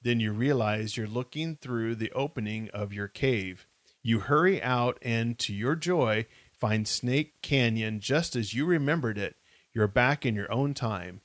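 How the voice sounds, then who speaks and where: A man reads a choose-your-path story aloud on a casual live stream, pausing to ask viewers what to do. His voice sits at an ordinary pitch. The sound is dry and close. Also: no room sound. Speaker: co-host reading aloud.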